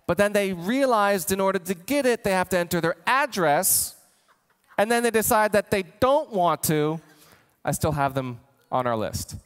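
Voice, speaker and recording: Animated man coaching in a reverberant hall. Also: sits high, smooth. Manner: animated, voices imagined customers, gets worked up. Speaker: marketing coach. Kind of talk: energetic training talk.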